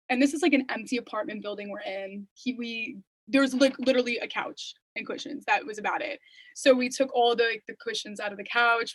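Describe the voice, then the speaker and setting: Young woman, interview guest, loose chatty storyteller, higher pitch. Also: fairly bright tone, no room sound, poor audio. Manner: chatty storytelling, many "like" and "you know" fillers. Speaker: interview guest, singer-songwriter. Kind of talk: casual interview chat.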